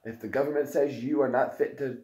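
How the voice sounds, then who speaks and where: A man's voice: medium pitch, steady tone, brisk, darkish tone, slight background noise. A man co-hosting a casual livestream chat, rambling and coughing often. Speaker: co-host. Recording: echoey room.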